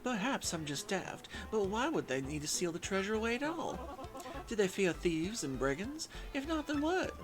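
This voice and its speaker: A man's voice: high voice, big pitch swings, normal speed. A man voicing a melodramatic grand lady with a flowery manner, over game music. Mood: dramatic. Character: theatrical grand lady, dramatic diva.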